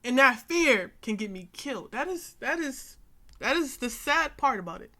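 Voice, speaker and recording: High bright-voiced young woman reacting. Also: animated, moderate pace. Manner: earnest, emphatic, repeats phrases for emphasis; frequent "you know what I'm saying" fillers. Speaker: reaction video host. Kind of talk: casual reaction commentary.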